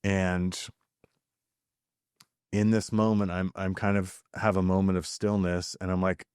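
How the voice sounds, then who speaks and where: A man in his thirties hosting a podcast, talking in an earnest, halting way with fillers and restarts. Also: sits low, level tone, a little mellow, clear, resonant tone, no echo, clean studio sound. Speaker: podcast host. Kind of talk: reflective podcast monologue.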